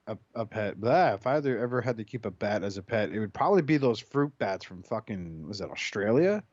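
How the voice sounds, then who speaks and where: A man's voice: lowish voice, big pitch swings, fairly quick, darkish tone, dry recording, muffled recording. A man in his forties from New Jersey, co-hosting a podcast with crude, joking banter. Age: 40s. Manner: joking, crude, putting on silly voices. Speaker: podcast co-host. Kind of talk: casual chat.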